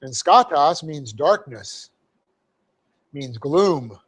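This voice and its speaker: A man's voice: a little high, expressive, drawn-out words, slightly rough. A middle-aged man, a pastor, teaching a Bible passage word by word with frequent "okay?" checks and homely asides. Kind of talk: verse-by-verse teaching sermon. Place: church hall.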